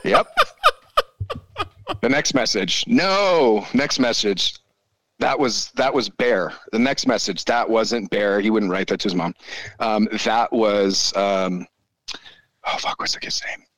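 A man, probably in his forties, telling a story in a casual chat, animated and full of swearing. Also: on the low side, slow, no echo, rough recording. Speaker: podcast guest.

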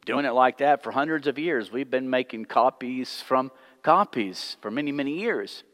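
Man doing old abbot, calm, set in his ways; mid pitch, reverberant hall. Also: normal speed, close to an everyday voice. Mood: matter-of-fact.

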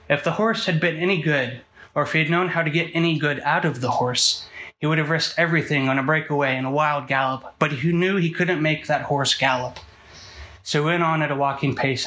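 Young male preacher at a student ministry, earnest and emphatic, bright tone. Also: on the high side, rough recording. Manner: earnest, emphatic, builds through repetition. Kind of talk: sermon.

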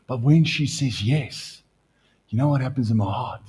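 A middle-aged man preaching a lively sermon as pastor, his voice leaping higher when he gets excited. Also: normal speed, slightly rough. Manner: animated preaching, pitch jumping up when excited.

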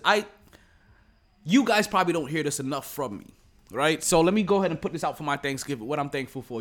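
A Jamaican man hosts a sports podcast from a relative's home rather than a studio, his voice a little high and fairly bright. The chat is casual and rambling, with repeated words and frequent laughter.

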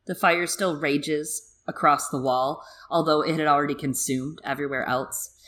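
A woman's voice: sits low, fairly even intonation, a little slow, a bit bright. A young woman co-hosting a casual podcast over a video call, chatting and reading passages from a book aloud with dramatic emphasis. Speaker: podcast co-host.

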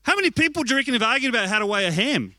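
A man voicing God as a calm, gently amused figure asking a wry question. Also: very high voice, racing, voice pushed up, full character voice.

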